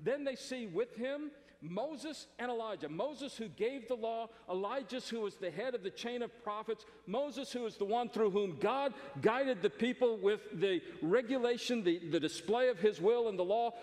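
A man's voice: very high-pitched, lively intonation, normal speed, hardly any pauses, a little mellow, big-room sound. A male pastor preaching a sermon in a church, emphatic and conversational, often repeating phrases.

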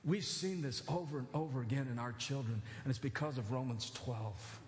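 A man preaching a sermon as pastor, animated, building to near-shouted emphasis with joking asides. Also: medium pitch, normal speed, a little hiss or hum. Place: church sanctuary. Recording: echoey church hall.

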